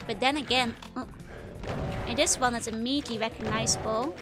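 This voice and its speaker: A young woman from the Netherlands with a Dutch accent, chatting casually while streaming a game, laughing often and filling her talk with "like". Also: a little high. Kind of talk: casual gaming livestream chat. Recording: game music playing behind.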